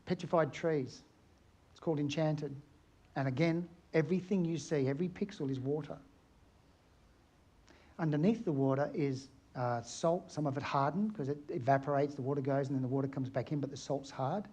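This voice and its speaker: A man's voice: on the high side, moderate pace, warm tone. Chatty middle-aged man giving a talk. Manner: chatty, anecdotal, asks the audience questions. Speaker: conference speaker, aerial photographer. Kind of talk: conference talk to a live audience.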